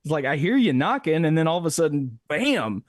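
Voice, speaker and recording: A man's voice: fairly high pitch, sing-song, a little fast, no echo, clean studio sound. A man co-hosting a casual music podcast, talking emphatically and animatedly and repeating phrases for effect. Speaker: podcast co-host. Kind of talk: casual chat about music.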